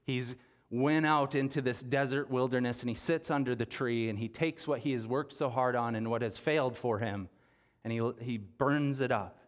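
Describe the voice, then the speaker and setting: Male pastor, sermon delivery in a church, earnest, average pitch, natural restarts. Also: normal speed. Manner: earnest, with restarts and repeated words. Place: church sanctuary.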